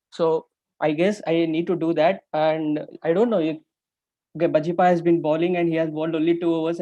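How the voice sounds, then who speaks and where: A man's voice: on the high side, warm tone, dry recording. A man with an Indian accent musing aloud to a group, dropping in Hindi phrases. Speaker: participant. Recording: dull lo-fi call audio.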